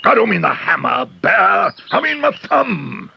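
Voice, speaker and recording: A man's voice: high voice, very animated, a little slow, creaky, heavily acted. A man voicing a grumpy, irritable older neighbour, snapping in exasperation in a cartoon. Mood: testy. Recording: dull old TV soundtrack with hiss.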